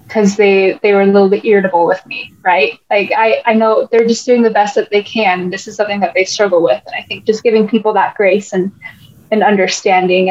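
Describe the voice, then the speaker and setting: A woman's voice: mid-range voice, darkish tone. An American woman hosting a casual podcast chat, rambling with many restarts and losing her train of thought. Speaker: podcast host. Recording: muffled lo-fi podcast audio.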